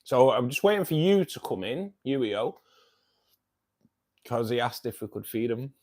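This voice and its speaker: A man's voice: mid-range voice, sing-song, unhurried, a little mellow. A man hosts a casual fishkeeping live stream from home, rambling and bantering with viewers as he greets them. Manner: rambling, chatty, joking banter with many fillers. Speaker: livestream host of a fishkeeping club. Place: at home beside his fish tanks.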